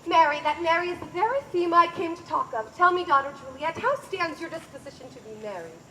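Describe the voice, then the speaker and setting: A woman's voice: very high voice, lively intonation, sharp tone, slight background noise, exaggerated voice. A woman playing a stately noble mother. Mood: commanding. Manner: formal, measured verse delivery. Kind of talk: outdoor Shakespeare stage acting.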